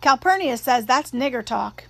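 A woman's voice: high-pitched, animated, moderate pace, vocal fry, fairly bright tone, no room sound, heavily acted. A woman voicing a feisty tomboy girl. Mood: defiant. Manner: defiant, retorting.

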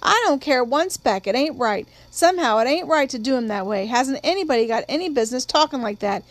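A woman's voice: sits high, lively intonation, brisk, dry recording. A woman voicing an upset, earnest little boy. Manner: earnest, sickened, insistent.

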